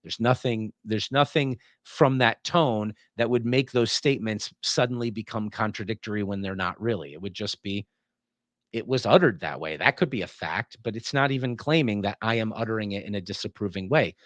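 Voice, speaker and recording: A man's voice: on the low side, moderate pace, no echo. A man teaching a philosophy class, lecturing casually and acting out example tones of voice as he explains. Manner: animated, acts out example tones of voice.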